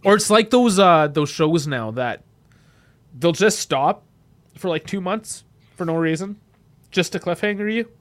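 A man co-hosting a casual podcast, talking in an animated way that jumps loud and high when he gets excited. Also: unhurried, long pauses, dry recording. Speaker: podcast co-host.

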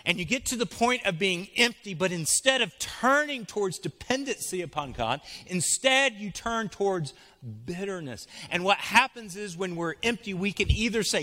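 A man preaching a sermon, swinging from hushed, soft passages to loud, urgent pleading. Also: high-pitched, animated, normal speed, in a large hall. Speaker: pastor. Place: church sanctuary.

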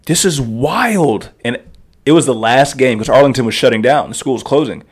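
A man in his thirties, a podcast guest telling stories in an animated way and laughing often. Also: mid-range voice, quick pace. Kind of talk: casual storytelling.

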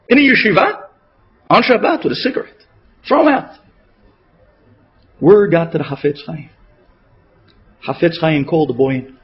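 Man, rabbi, emotional sermon storytelling, dramatic swings in pitch and loudness, husky voice, dull lo-fi radio recording.

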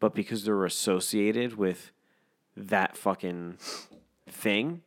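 Low-voiced, profane young man. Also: slow pace. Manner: swears constantly, animated storytelling with impressions. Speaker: podcast co-host. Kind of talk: casual chat.

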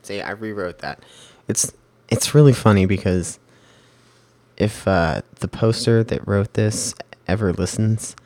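A man giving a casual spoken writing lesson, rambling and correcting himself with lots of fillers, and reading passages aloud slowly. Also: on the low side, a little mellow, no echo. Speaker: amateur fiction writer.

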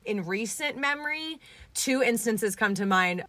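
A young woman telling a story in a casual interview, lively and acting out the voices of people she quotes. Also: a little high, a little slow, dry recording. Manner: animated, acts out quoted voices. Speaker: guest, essay writer.

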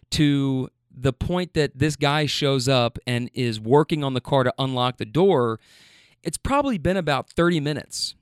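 Male storyteller, casual and rambling, smooth resonant voice, swears freely. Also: on the high side, dry recording, clean studio sound. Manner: rambling with fillers, stammers and swearing.

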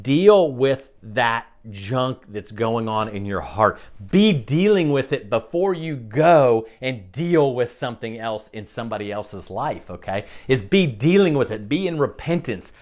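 A man preaching in a lively, animated voice that swings up and down in pitch. He talks conversationally, stopping often to check in with his listeners. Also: normal speed. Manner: conversational preaching, frequent "okay?" check-ins. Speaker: pastor. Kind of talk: sermon.

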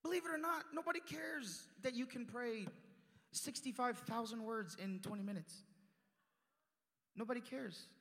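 A young man preaching a sermon in a church, animated, swinging from loud emphatic lines to hushed asides. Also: extremely high pitch, normal speed, creaky, long pauses. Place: church sanctuary. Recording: long church reverb.

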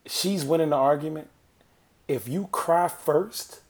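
A man's voice: a little high, a little slow, a crowd in the background. Insistent man in casual podcast banter. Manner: emphatic, insistent, laughs while arguing. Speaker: podcast co-host.

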